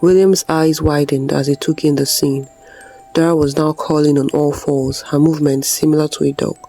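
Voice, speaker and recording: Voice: mid-range voice, flat delivery, moderate pace, mellow, soft background music, poor audio. A storyteller narrating a scripted folktale in a dramatic, suspenseful way.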